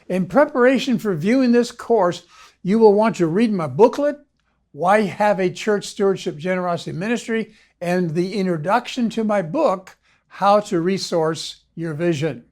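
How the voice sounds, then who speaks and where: A man, a ministry consultant, reading a scripted video lecture in a measured, formal way. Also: high-pitched, darkish tone. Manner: measured, formal read-aloud delivery. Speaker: ministry consultant and course instructor.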